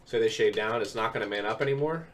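Talking fast in a lowish voice, a young video game tips creator who is recovering from an illness walks through plays step by step. He's relaxed and says "um" a lot, recorded on a distant mic with faint keyboard clicks.

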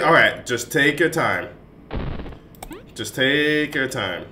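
A man's voice: medium pitch, animated, slow, pushed and bright. A young man giving panicky, jumpy commentary while playing a horror game and talking to himself. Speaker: gaming YouTuber. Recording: roomy, distant mic, faint hiss.

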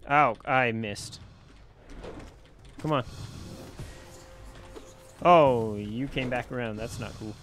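Guy chatting through his game on his desk mic, mid pitch, sassing the enemies, bit of game music low behind. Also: bright, forceful tone. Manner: chatty, talks to on-screen enemies, quick exclamations. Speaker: let's play gamer. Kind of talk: casual gameplay commentary. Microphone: personal desk mic.

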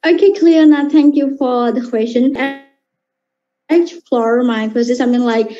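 A shy, soft-spoken woman who dubs cartoons, talking haltingly and searching for words. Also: high voice, steady tone, highs cut off. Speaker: voice dubber showing her characters.

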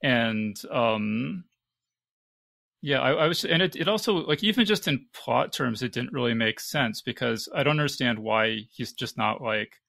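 Gravelly bright-voiced podcast host. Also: male voice, medium pitch, animated, measured pace, no echo. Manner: inquisitive, thoughtful, probing questions. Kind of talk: casual discussion.

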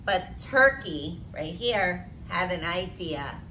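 A woman, a teacher, reading a picture book aloud to children, expressive with gasps and little laughs. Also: fairly low pitch, slow pace, background noise.

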